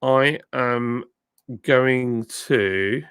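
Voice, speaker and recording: A middle-aged man from the south of England, his southern English accent softened by years in the north, chatting casually on a live stream and reading out viewer comments. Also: mid-range voice, extremely slow, smooth, no room sound, clean studio sound. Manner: chatty, thanking viewers by name, frequent ums and uhs. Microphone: phone with a plug-in mic.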